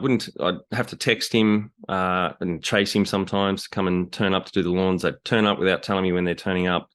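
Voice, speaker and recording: Low-voiced Australian man. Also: smooth. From Tasmania, Australia. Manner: relaxed storyteller, some hesitations. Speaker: podcast guest, business founder. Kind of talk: casual chat.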